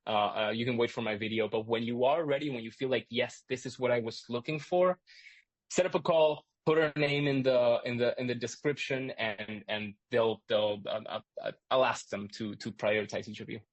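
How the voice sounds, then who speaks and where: A man hosting a live online class, explaining excitedly with lots of restarts and asides. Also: medium pitch, moderate pace, no echo. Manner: energetic, rambling, lots of restarts. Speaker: host and instructor. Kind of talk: live webinar teaching.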